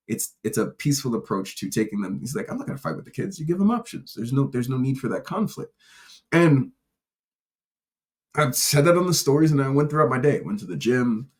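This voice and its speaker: A man hosting a casual solo podcast, telling personal stories in a rambling, candid way with restarts and casual profanity. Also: mid-range voice. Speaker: podcast host.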